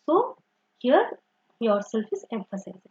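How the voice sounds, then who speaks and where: A woman's voice: a little high, very animated, unhurried, darkish tone, husky, lo-fi sound. A woman teaching an online grammar lesson, explaining step by step and often saying "simple" and "okay".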